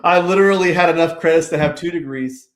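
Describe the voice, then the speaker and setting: A fast-talking man with a voice on the high side appears as a podcast guest in a casual interview. He owns a business, comes from Pennsylvania, and rambles along with plenty of "like" and "you know."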